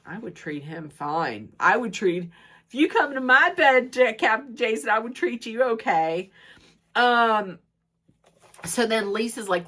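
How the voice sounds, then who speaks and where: A woman with a stuffy nose recapping reality TV drama, slipping into the voices of the people she quotes. Her voice is bright and sharp, and it swings widely up and down as she tells the story. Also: fairly high pitch, a little slow. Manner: gossipy, acts out quotes in animated voices. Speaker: recap commentator. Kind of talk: casual recap of a reality show.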